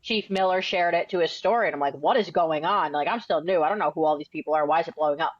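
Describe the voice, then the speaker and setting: A young New England woman in her twenties, a firefighter and author, tells her story as a podcast guest in a casual interview. Her deep voice moves fast, and she's blunt, outspoken and full of slang. The recording is muffled, with no room sound.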